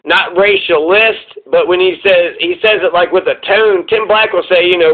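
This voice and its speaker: Profane high-voiced male commentator, tinny sound. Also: steady tone, normal speed. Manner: profane, heated and sarcastic. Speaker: political commentary host. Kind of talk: casual reaction commentary.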